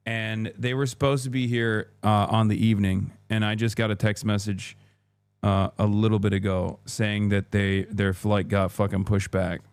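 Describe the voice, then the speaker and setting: A man's voice: on the low side, smooth, dry recording. A man live-streaming, chatting casually and swearing as he reacts to chat. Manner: profane, chatty, reads chat aloud.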